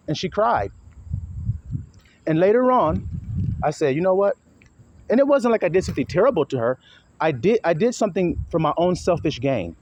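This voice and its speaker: A man preaches in a blunt, profane street style, his fairly high voice swinging widely as he acts out arguments. The recording is a little dull and muffled. Faint crickets and insects chirp behind him. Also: a little mellow, a little hiss or hum. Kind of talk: informal sermon.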